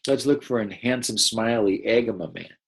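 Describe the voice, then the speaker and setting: A man's voice: on the low side, moderate pace, creaky, breathy edge, rough recording. A man teaching first graders a read-aloud lesson, patiently explaining and asking the children questions.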